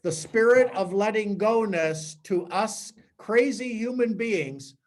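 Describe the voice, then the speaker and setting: Higher-pitched man giving a sermon. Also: slow. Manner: animated storytelling with acted-out quotes and sound effects; repeats words and restarts mid-sentence. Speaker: priest giving a talk. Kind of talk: spiritual teaching talk.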